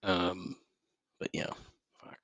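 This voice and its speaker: A man hosts a solo podcast from home, speaking slowly in a fairly bright voice with no echo. He rants in a rambling, profane way, restarting often and breaking into sudden heated outbursts.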